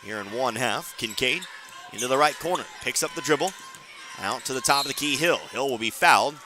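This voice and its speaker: A man calling a high school basketball game on the radio, quick play-by-play with dry asides. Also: animated, noisy background. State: hiccuping. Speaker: play-by-play announcer.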